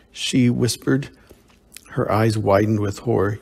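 A man narrating a science fiction short story in a measured, steady reading. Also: on the low side, creaky, husky.

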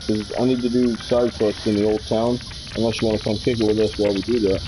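A man's voice: fairly low pitch, little pitch movement, fast. A man chatting casually and joking with lots of swearing while streaming a game from home. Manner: laid-back, profane, joking. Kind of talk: casual live-stream chat. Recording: noisy home stream audio.

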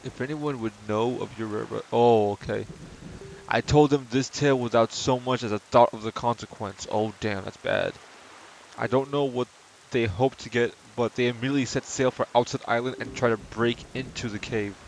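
A chatty streamer at home, reading game dialogue aloud between casual, self-deprecating asides. His voice sits at an ordinary middle pitch, with soft rain sounds from the game patter behind him. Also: fairly even intonation, normal speed, a little hiss or hum.

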